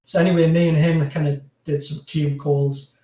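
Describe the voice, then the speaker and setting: A man from North East England with a strong Geordie accent talks in a mellow voice on the high side, with little pitch movement and a moderate pace. He's a graphic designer appearing as a podcast guest in a casual chat, rambling, laughing often and filling his speech with "you know." The recording sounds roomy, as if he's far from the mic.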